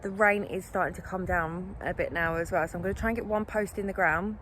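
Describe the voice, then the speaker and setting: A woman's voice: fairly low pitch, steady tone, a little fast, hardly any pauses, a bit bright. A young woman chatting casually to camera while working on her allotment plot, self-deprecating and full of ums. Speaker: allotment vlogger. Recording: outdoor camera audio with noise.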